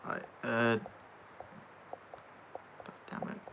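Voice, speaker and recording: A man's voice: drawn-out words, background noise. A young man hosting a casual livestream, reading out viewer comments and answering them with sarcastic banter and casual swearing. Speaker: livestream host reading chat.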